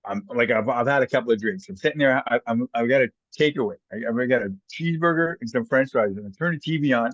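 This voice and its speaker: A man's voice: medium pitch, quick pace, no room sound, muffled recording. A Canadian man, a former hockey player, telling stories casually as a guest and acting out the voices of people he quotes. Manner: animated anecdotes, acts out quoted voices. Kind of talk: casual storytelling.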